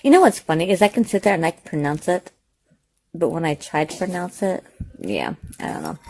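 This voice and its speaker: A woman's voice: fairly low pitch, sing-song, a little fast, darkish tone. A woman hosting a home cooking vlog, talking casually with lots of fillers and restarts as she cooks in her kitchen. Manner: rambling, chatty, lots of fillers and self-corrections.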